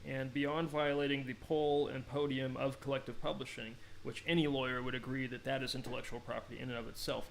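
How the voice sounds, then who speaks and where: Gravelly man ranting and rambling. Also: mid-range voice, a little hiss or hum, low-quality recording. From United States. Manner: rambling, combative, laughs often. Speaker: online commentator. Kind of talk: ranting commentary, reading a treaty aloud.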